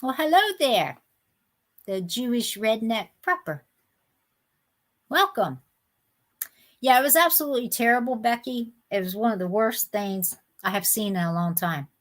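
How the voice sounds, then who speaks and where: A woman's voice: medium pitch, animated, measured pace. A middle-aged woman, chatting with viewers by name while hosting a live sale, indignant and talkative. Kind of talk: casual live-stream chat.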